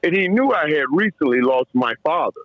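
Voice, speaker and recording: A middle-aged man with a somewhat high voice tells stories from his playing days, animated and repetitive, tripping over his words. The recording is muffled and lo-fi with a dead, dry sound. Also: brisk, dry recording. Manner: animated, repeats and restarts words, laughs while telling stories. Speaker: guest, former football player. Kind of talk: emotional storytelling in a podcast interview.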